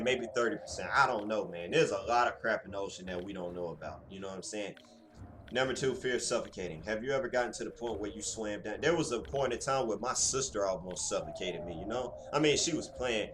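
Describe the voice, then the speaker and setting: Talkative low-voiced gamer reading aloud. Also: male voice, a little hiss or hum. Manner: rambling and talkative, slangy asides; gets louder and higher when excited. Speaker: gaming channel host. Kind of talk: reading game text aloud with casual commentary.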